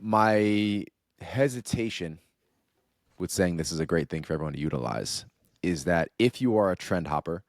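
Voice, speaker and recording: Man, podcast co-host, very low voice, measured, emphatic, dry sound. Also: lively intonation, dry recording. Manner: measured, emphatic build-ups. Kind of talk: podcast hosting and debate.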